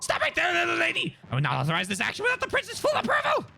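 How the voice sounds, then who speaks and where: A man voicing a bossy old adviser who scolds in a shrill, shouting voice. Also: wildly swooping pitch, racing, creaky, full character voice. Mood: indignant.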